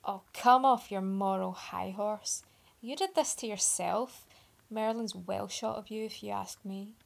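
A woman's voice: a little high, lively intonation, measured pace, a little mellow. A woman voicing a smug, scornful young man. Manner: dismissive, needling.

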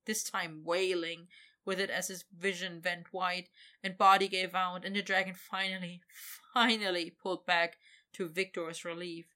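A woman reading an adult story aloud as narrator in a steady, intimate manner. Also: on the low side, normal speed.

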